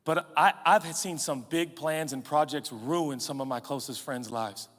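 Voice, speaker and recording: A man in his forties, a pastor, preaching a sermon in an animated, humorous, conversational way, out of breath and sweating. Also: a little high, measured pace. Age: 40s. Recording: reverberant large hall.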